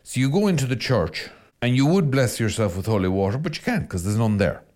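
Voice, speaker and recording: A middle-aged Irish priest talking on a podcast in a conversational, teasing, exhorting way. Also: male voice, medium pitch, expressive, fairly quick, a little mellow. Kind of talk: podcast talk.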